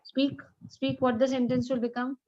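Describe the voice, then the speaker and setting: Encouraging teacher, muffled. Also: female voice, high-pitched, level tone, a little mellow. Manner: encouraging, repeats example sentences slowly. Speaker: English teacher. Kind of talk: online grammar class with students.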